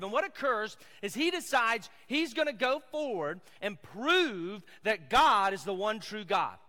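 A man's voice: high voice, pushed and bright, long reverb tail. A man with a Southern American accent preaching a sermon as pastor, casual and conversational with asides to the audience.

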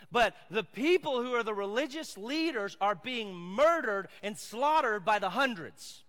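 A man's voice: high-pitched, pushed and bright, long reverb tail. A man with a Southern American accent preaching a sermon as pastor, casual and conversational with asides to the audience.

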